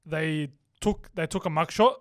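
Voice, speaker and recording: A young man chats casually and easily, chiming in and agreeing as he goes. His voice runs fairly high for a man and is recorded close and dry. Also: measured pace, dry recording. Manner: laid-back and agreeable, chiming in with slang. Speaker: podcast co-host. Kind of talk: casual chat.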